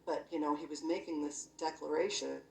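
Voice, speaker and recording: A woman's voice: low voice, steady tone, brisk, creaky. A woman earnestly recounting a personal spiritual experience in casual, conversational storytelling, often using "you know" and "I'm like". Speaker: guest sharing a near-death experience. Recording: echoey room, voice from a distance.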